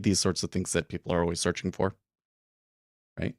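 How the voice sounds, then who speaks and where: Man, low voice, dry close sound, casual livestream host, rambling with fillers. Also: completely flat delivery, fast, dry recording. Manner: rambling, many fillers and restarts. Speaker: day trading livestream host. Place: home studio room.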